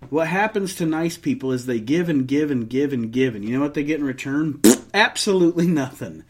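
Animated ranting man on a podcast. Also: a little high, a little fast. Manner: ranting, self-mocking, swears freely; many restarts and trailing off. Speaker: podcast co-host. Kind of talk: casual chat.

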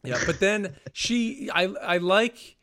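Casual podcast co-host, man, slightly higher voice, loose and rambling, laughs easily. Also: lively intonation, slow, fairly bright tone. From United States. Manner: rambling, laughs often, retells scenes. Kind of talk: casual chat recapping a TV episode.

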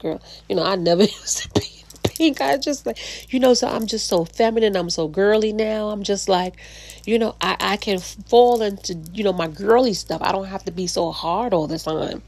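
Casting: chatty female podcast host, husky low-ish voice, dry close mic. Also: no room sound. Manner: chatty, many fillers and restarts, laughs often. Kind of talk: casual relationship talk.

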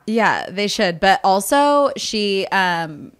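A woman's voice: medium pitch, big pitch swings, takes it slowly, smooth. A young woman co-hosts a casual podcast chat. She talks animatedly, swears freely and slips into acted-out quotes of what other people might say. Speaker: podcast co-host.

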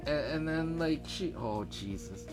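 A man's voice: fairly high pitch, a little slow, music in the background. Ranting man on a casual podcast. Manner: animated ranting with profanity, acts out both sides of a phone call. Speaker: podcast co-host.

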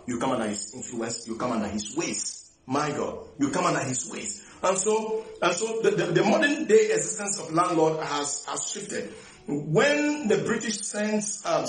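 A man's voice: high voice, roomy sound, low-quality recording. A man preaching a sermon, repeating key phrases emphatically and often restarting his sentences.

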